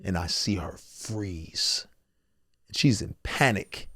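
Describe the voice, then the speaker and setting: A man's voice: low voice, takes it slowly, no echo, clean studio sound. A man in his forties, a guest telling his life story candidly and acting out the voices of others. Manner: animated storyteller, acts out quotes.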